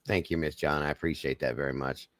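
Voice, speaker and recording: A man's voice: extremely low pitch, fairly even intonation, fast, fairly bright tone, dry recording, clean studio sound. A man with a Southern American accent hosting a livestream, greeting viewers one by one in a folksy, friendly way. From Southern United States. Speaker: livestream host.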